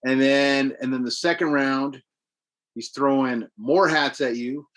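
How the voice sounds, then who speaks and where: A man's voice: mid-range voice, steady tone, unhurried, fairly bright tone. Man, podcast co-host, casual gaming chat, rambling play-by-play, profane.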